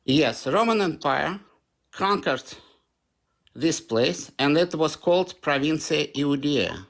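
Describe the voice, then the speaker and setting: A man's voice: a little high, expressive, slow pace, vocal fry, fairly bright tone. A man with a Russian accent arguing insistently on a live stream call, repeating his points. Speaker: debate participant. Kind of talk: heated live-stream argument.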